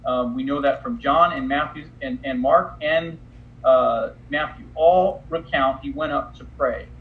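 A man's voice: medium pitch, unhurried. A man leading a Bible study, reading scripture aloud and then explaining it in a conversational way. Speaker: Bible teacher. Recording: roomy, slightly dull recording with faint background noise.

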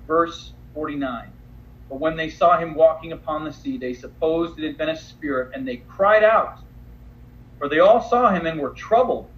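A man leading a Bible study, reading scripture aloud and then explaining it in a conversational way. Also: fairly high pitch. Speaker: Bible teacher. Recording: roomy, slightly dull recording with faint background noise.

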